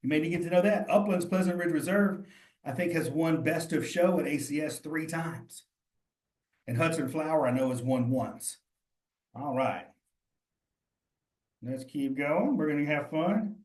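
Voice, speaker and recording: A man's voice: on the high side, moderate pace, long pauses, darkish tone, echoey room. A man leading a cheese exam study session, reasoning through quiz answers aloud in a casual, encouraging way.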